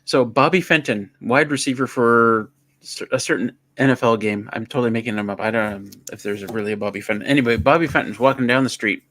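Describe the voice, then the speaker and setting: A man hosting a casual livestream, an animated joke-teller. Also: medium pitch, fast, no echo. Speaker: livestream host. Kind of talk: casual chat.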